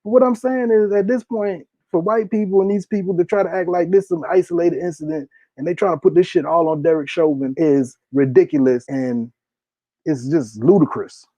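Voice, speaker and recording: A man's voice: on the high side, moderate pace, warm tone, no echo. A man in his thirties delivering heated, profane political commentary, hammering his points with repetition. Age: 30s. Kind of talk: impassioned solo commentary. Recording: dull lo-fi dry recording.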